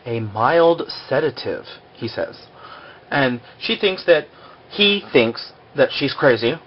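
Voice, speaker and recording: A man's voice: mid-range voice, slight background noise. A man casually recapping a TV episode in a rambling way, full of fillers, on a slightly dull lo-fi recording. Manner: rambling, full of "like" and "you know".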